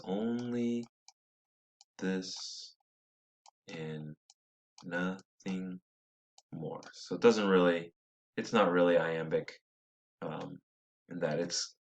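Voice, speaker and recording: Speaking in a low voice with a fairly bright tone, a man leads a poetry lesson, reading verses slowly with emphasized syllables and musing aloud with minor corrections.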